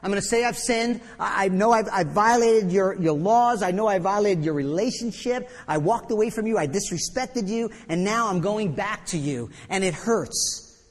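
A man's voice: very high-pitched, animated, moderate pace, fairly bright tone, long reverb tail, voice pushed up, heavily acted. A preacher acting out a remorseful young man who is broke and starving, pleading and stammering. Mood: pained.

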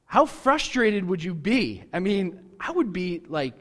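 Animated man preaching in a big echoing hall. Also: high-pitched, measured pace, hardly any pauses. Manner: lively, joking, repeats words when restarting. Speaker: pastor. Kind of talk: sermon.

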